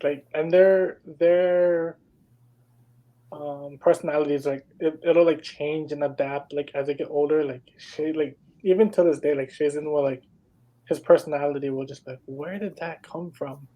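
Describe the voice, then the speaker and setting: A man's voice: on the high side, steady tone, normal speed, muffled recording. Rambling young man telling stories. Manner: rambling storytelling, many "like"s. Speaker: podcast co-host. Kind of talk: casual chat.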